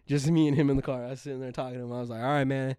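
A man's voice: mid-range voice, rapid-fire, smooth, no echo, studio quality. A young man co-hosting a podcast in casual chat, swearing freely, laughing often and acting out the people in his stories. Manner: animated, profane, laughs often, acts out quoted people. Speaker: podcast co-host.

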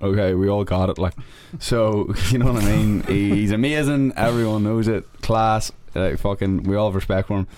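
Swearing Irish man, low voice. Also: moderate pace, hardly any pauses. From Ireland. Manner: swears constantly, animated storytelling. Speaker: guest. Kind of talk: casual podcast chat.

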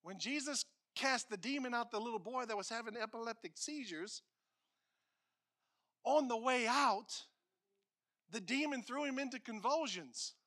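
A man preaching as a pastor, emphatic and repetitive, swinging between loud declarations and hushed lines. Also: very high voice, expressive, moderate pace, long pauses. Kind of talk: sermon.

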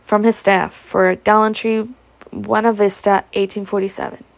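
A woman reading the part of a gruff, boastful Yankee sergeant who drawls about old battles. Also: medium pitch, flat delivery, moderate pace, no room sound, lightly acted. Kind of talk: audiobook character reading.

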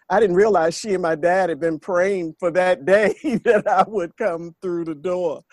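A woman's voice: fairly low pitch, measured pace, hardly any pauses, a little mellow, dry recording. An older woman hosting a faith podcast, speaking in an earnest, repetitive preaching cadence. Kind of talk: spiritual talk monologue.

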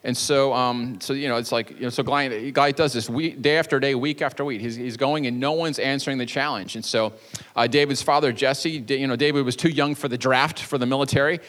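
A man's voice: medium pitch, steady tone, fairly bright tone. Playful man preaching in a reverberant church. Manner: playful, jokey storytelling with quick asides. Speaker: pastor. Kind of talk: sermon. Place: church sanctuary.

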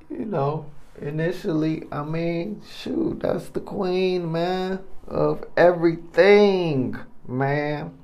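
A man with a fairly low voice spins a rambling personal story, unhurried and full of slang fillers. He laughs often and keeps an easy, playful tone. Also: a little mellow. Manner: casual slang, much "you know" and "man". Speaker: podcast host. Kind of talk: casual testimony monologue.

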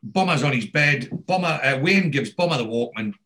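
A man's voice: mid-range voice, animated, a little fast, bright, forceful tone. Rambling man recapping a show. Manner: rambling, many restarts and fillers. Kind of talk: casual recap of a TV episode.

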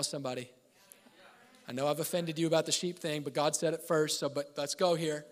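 A man preaching a sermon as pastor, mixing scripture with joking asides and laughter, swinging between loud emphasis and quiet, slow lines. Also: a little high. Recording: long hall reverb.

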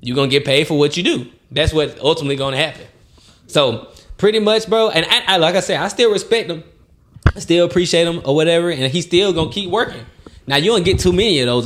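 A man co-hosting a laid-back podcast, speaking. His voice sits a touch high and swings freely as he tells stories. He acts out other people's lines and laughs often. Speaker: podcast co-host. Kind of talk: casual chat.

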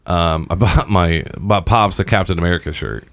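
A man in his thirties with a very low, deep voice, chatting casually as a host. He rambles, swears freely and leans on filler words. The sound is close and dry. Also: normal speed, a bit bright, no echo. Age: 30s. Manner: rambling and profane, with many fillers. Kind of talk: casual chat.

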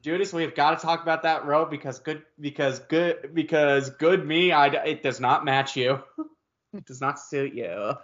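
A man's voice: high voice, slow pace, few pauses, pushed and bright, voice pushed up, heavily acted. A man voicing a passive-aggressive, sassy Jesus with a catty edge, on a lo-fi recording.

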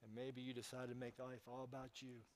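A male pastor delivering a Sunday sermon. He tells a story with a steady, mid-pitched voice and turns to ask the congregation direct questions. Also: fairly quick, a little hiss or hum.

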